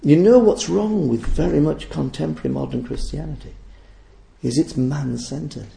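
Male preacher, emphatic sermon delivery, high mellow voice. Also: moderate pace, vocal fry, echoey room. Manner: emphatic, rhetorical questions.

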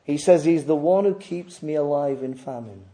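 High-pitched, emphatic preacher man. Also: moderate pace. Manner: emphatic, rising to loud declarations then dropping quiet. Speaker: pastor. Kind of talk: sermon.

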